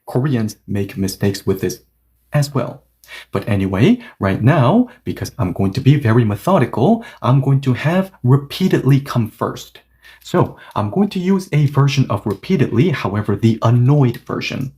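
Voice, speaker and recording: A male language teacher walks through a grammar point, his voice warm and mellow yet swinging up and down as he acts out little example lines. He peppers the explanation with "okay" and "yes" asides. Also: medium pitch, big pitch swings, moderate pace.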